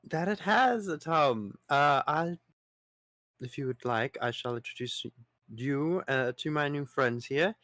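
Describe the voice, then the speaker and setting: A man's voice: a little high, measured pace, a bit bright, no room sound. A man playing in a tabletop game, speaking his character's lines formally with hesitations. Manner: formal in-character speech with fillers. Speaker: player.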